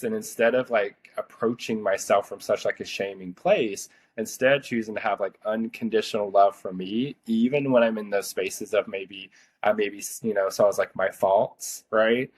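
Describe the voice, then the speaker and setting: A man around thirty tells a personal story on his podcast in a relaxed, rambling way. His voice sits low and has a slightly husky edge. He fills his sentences with "like" and circles back as he thinks. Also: normal speed. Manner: chatty, rambling, heavy use of "like". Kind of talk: casual storytelling conversation.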